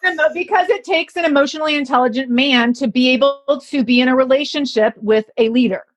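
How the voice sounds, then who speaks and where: A woman guest on a podcast, bubbly and animated, acting out what other people say. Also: sits high, quick pace, heavy background noise. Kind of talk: candid podcast conversation.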